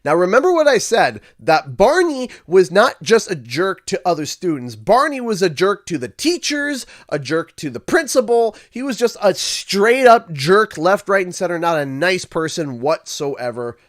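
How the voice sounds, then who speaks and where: Animated man telling a story. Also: high voice, normal speed, hardly any pauses. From Canada. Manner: animated, acts out quoted voices. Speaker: livestream host. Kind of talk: casual storytelling.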